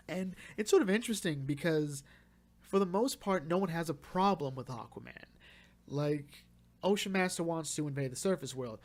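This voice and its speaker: Young guy kinda high voice rambling through a movie review, lots of likes and restarts, super gushy. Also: normal speed. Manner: rambling and gushing, many restarts and "like". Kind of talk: casual spoken movie review.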